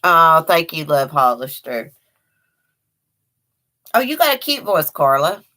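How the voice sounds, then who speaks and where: Chatty Appalachian Kentucky woman, low voice. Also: very animated, slow pace, pushed and bright. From Eastern Kentucky. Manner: chatty and folksy, laughs often, talks to her dog. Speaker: livestream host. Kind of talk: casual live chat reading viewer comments. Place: at home.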